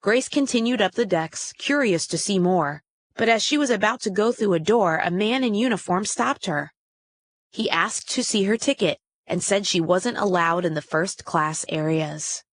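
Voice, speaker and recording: A woman's voice: medium pitch, moderate pace. Woman reading a children's story. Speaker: storybook reader. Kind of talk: children's story read-aloud.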